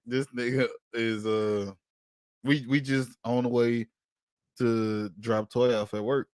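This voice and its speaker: A man on a casual podcast telling a story in an animated, profane way and acting out the quotes. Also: mid-range voice, slow pace, clear, resonant tone, no room sound, studio quality. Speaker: podcast co-host.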